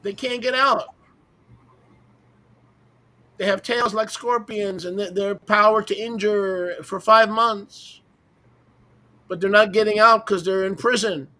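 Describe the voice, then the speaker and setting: Guy with a pretty high voice leading a bible roundtable, emphatic, keeps asking who asked you type questions. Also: fairly even intonation, slow, long pauses, sharp tone. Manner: emphatic, fires rhetorical questions, mocking asides. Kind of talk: roundtable teaching discussion.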